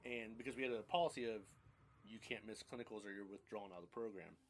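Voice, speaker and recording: A man's voice: lowish voice, fast talker, a little hiss or hum. A man in his thirties casually telling his life story on a podcast, rambling and blunt, with casual swearing.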